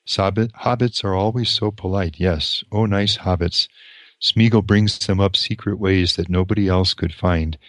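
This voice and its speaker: A sly, bitter creature, as a male reader puts him on, hissing and repeating himself in a wheedling way. The voice stays low and deep, dry and close to the mic, in a plain book reading. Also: steady tone, normal speed, no echo, lightly acted.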